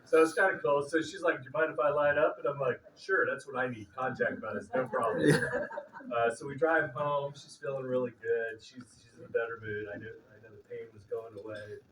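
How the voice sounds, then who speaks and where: A fairly quick, steady, mid-range voice with a bit of brightness belongs to a middle-aged man eulogizing his cousin. He keeps it informal and funny, rambling through a story with lots of fillers and acted-out quotes. The mic is distant, the room spacious, and the audience can be heard murmuring.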